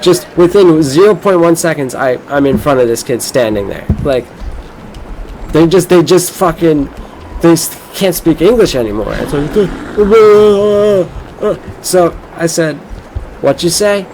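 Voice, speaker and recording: A man's voice: fairly high pitch, lively intonation, moderate pace, darkish tone, a little hiss or hum, low-quality recording. Rambling, foul-mouthed young man gaming. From Florida. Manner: rambling, profane, boastful storytelling. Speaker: gameplay streamer. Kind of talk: casual rambling gameplay commentary.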